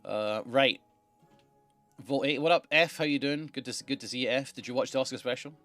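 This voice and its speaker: A man's voice: mid-range voice, a little fast, fairly bright tone. A man chats playfully as he streams a game live, reading its text aloud and greeting viewers. His voice sits in an ordinary middle range. Faint music runs in the background. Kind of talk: casual live-stream commentary.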